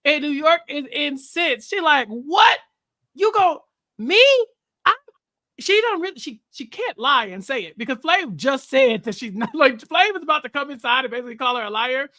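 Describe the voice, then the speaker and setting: Male host, animated storyteller, bright voice, lots of melody. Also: very high-pitched, brisk, hardly any pauses. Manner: animated storytelling, acts out quotes. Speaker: podcast host. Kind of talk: casual recap chat.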